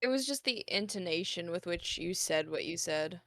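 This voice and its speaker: A woman's voice: lowish voice, lively intonation, normal speed, a bit bright, no echo, studio quality. A woman player in casual livestream banter, teasing and playful.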